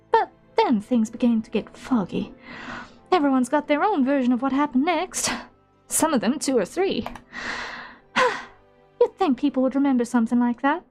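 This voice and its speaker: A woman's voice: sits high, darkish tone, voice pushed up. A woman voicing a shrewd middle-aged female guild innkeeper in a slight put-on southern drawl, reading game dialogue aloud in character.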